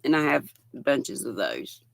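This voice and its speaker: An older woman chats slowly and warmly through a yarn show-and-tell, greeting viewers as she goes. Her voice is bright with a gravelly edge, and the sound is dry and close. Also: extremely low pitch, very animated, dry recording. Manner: chatty, reads viewer comments aloud with affectionate greetings. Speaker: livestream host. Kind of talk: casual chat while showing yarn.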